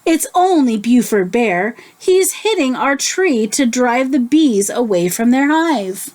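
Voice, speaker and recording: A woman voicing a calm, sensible big-brother raccoon in a children's storybook read-aloud, with a reassuring, lightly sing-song voice. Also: a little high, slow.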